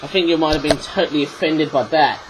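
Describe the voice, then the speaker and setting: A man's voice: fairly high pitch, fast, noisy background. Rambling man with a frog in his throat. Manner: rambling, throat-clearing, chatty. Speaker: toy reviewer. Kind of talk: casual video review.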